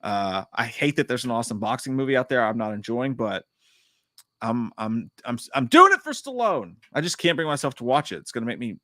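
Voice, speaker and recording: Male streamer host, mid pitch, crude jokey rambling, dry close sound. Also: sing-song, brisk, bright, forceful tone, no echo. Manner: reads viewer chat aloud. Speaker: podcast host. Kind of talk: casual live-stream chat.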